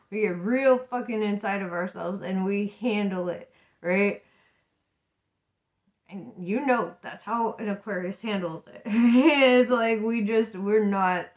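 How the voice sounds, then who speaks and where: A woman giving a casual tarot reading, frank and profane, laughing often and asking "right?" as she talks. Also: medium pitch. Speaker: tarot reader.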